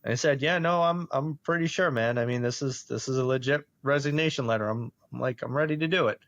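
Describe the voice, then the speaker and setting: A man's voice: mid-range voice, fast, no room sound. A man, animatedly telling a personal story on a podcast and laughing often. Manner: animated, laughs often, acts out quoted voices. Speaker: podcast host. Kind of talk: casual storytelling.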